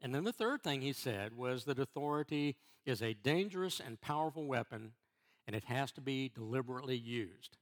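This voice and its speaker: Male church elder, middle-aged, sermon, repeats and restarts, mid-pitched voice. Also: animated. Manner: halting, repeats words and restarts, then stresses key phrases.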